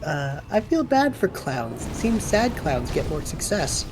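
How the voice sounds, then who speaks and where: A woman's voice: low voice, very animated, a little slow. A woman chatting with a teasing, joking manner and frequent laughs during a game stream. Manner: teasing, jokey, laughs often. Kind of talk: casual gaming banter. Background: game music.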